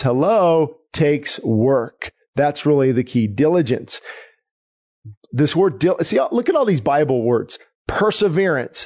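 A middle-aged man preaching a sermon in an earnest, emphatic way, repeating key phrases and slowing down for emphasis. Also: a little high, darkish tone. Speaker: pastor.

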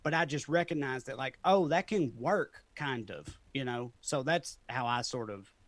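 A man's voice: mid-range voice, moderate pace, a bit bright, no echo. A man with a Southern Tennessee accent, a comedian talking loosely and often laughing in an interview. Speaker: comedian guest. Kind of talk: casual interview chat.

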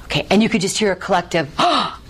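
A woman teaching a Bible study class in a lively way. She keeps checking in with "okay?" and asks the class to fill in the answers. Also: lowish voice, rapid-fire, a little hiss or hum.

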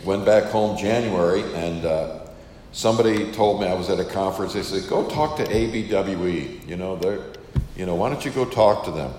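A man's voice: sits low, moderate pace, a little mellow, echoey room, in a large hall, slight background noise. An older man who is a missionary, casually telling a story to an audience and acting out the dialogue. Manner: casual, chatty, acts out quoted dialogue.

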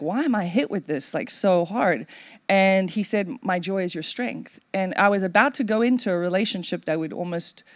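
A woman pastor telling a personal testimony in a sermon, chatty and animated, her voice leaping up as she relives the moment. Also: no echo, clean studio sound. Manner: animated storytelling with big pitch swings and laughter; conversational, chatty with fillers.

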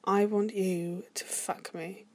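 A woman voicing a needy younger brother in an erotic story, speaking in breathy, pleading, panting tones. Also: mid-range voice, fairly even intonation, slow pace, no echo. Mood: breathless pleading.

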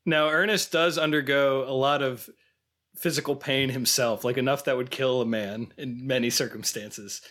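A man's voice: mid-range voice, steady tone, normal speed, a bit bright. A man co-hosting a movie podcast, telling rambling personal anecdotes with lots of fillers. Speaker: podcast co-host. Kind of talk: casual movie discussion.

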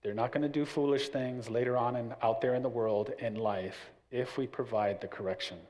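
A man's voice: medium pitch, steady tone, moderate pace, a little mellow. Man teaching a church parenting class. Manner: storytelling with acted-out voices.

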